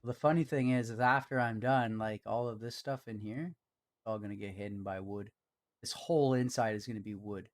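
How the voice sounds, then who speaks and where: A man's voice: fairly low pitch, normal speed. A man streaming a game build live, chatting casually with his co-host and viewers and muttering to himself as he works.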